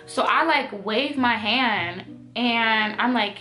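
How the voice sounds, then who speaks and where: A young woman telling a storytime vlog in an animated, profane, emphatic way. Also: on the high side, slow, few pauses, soft background music. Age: young adult. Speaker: storytime vlogger.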